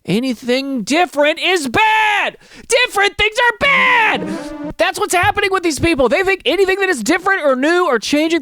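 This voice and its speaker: A man's voice: sits high, clear, resonant tone, no echo, studio quality. A man hosting a podcast, telling stories in a loose, rambling, joking way. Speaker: podcast host. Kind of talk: casual comedic storytelling.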